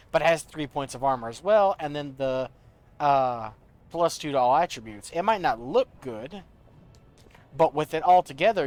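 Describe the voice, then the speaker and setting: A young man streaming a video game, rambling through gear stats and joking about his own voice as he talks to chat. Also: fairly high pitch. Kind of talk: casual gameplay commentary. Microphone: studio desk mic.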